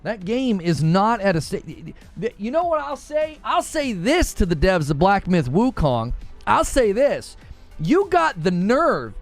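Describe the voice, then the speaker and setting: A man's voice: high voice, sing-song, measured pace, soft background music. A man co-hosting a gaming news show, ranting in an exasperated, sarcastic way. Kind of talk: heated gaming podcast rant.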